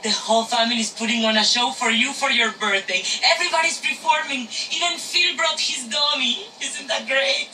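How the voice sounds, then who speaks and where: A woman's voice: high-pitched, a little fast, hardly any pauses, sharp tone, distant mic, slight background noise. An actress playing a cheerful, teasing wife who springs a birthday surprise on her husband, heard as TV audio in a room. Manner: bubbly and teasing, laughs between lines. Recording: TV audio in an echoey room from afar.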